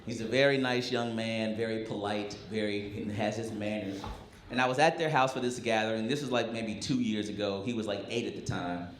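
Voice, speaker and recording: A man performing a stand-up comedy set on a club stage, telling stories with animated energy and slipping into brash rants. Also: lowish voice, a little fast. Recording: echoey club room with audience noise.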